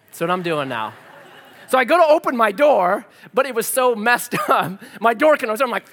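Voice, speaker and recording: A man preaching a sermon, telling a personal story in an animated, conversational way with self-deprecating humor. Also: high-pitched, moderate pace. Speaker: pastor. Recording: long reverb of a large hall.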